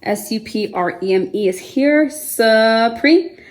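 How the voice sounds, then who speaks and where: A woman's voice: on the high side, expressive, takes it slowly. A woman teaching a vocabulary lesson to children, patient and encouraging, spelling words out letter by letter with frequent fillers. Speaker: homeschool teacher. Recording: echoey room.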